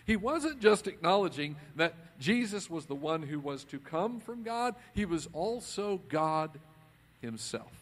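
A man preaching a conversational sermon as a pastor, swinging between loud emphasis and quiet asides. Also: a little high.

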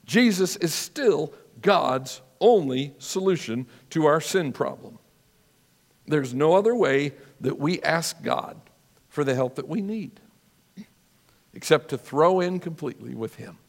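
Pastor guy giving a sermon, earnest, kinda higher voice, echoey hall. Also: animated, creaky. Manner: earnest, measured preaching with dramatic storytelling.

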